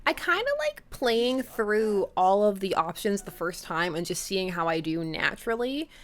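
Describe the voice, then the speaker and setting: A woman's voice: mid-range voice, big pitch swings, moderate pace. A woman hosting a let's play, chatting casually and thinking aloud as she plays. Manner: chatty, hums and thinks aloud while playing. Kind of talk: casual game commentary.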